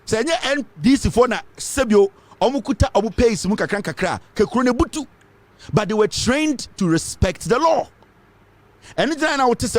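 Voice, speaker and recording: Brief: Ghanaian male commentator, fiery and emphatic, raised pitch, very animated delivery. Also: fairly quick, no room sound. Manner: fiery, emphatic, repeats points, mixes English with Twi. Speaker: political commentator. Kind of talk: impassioned political commentary.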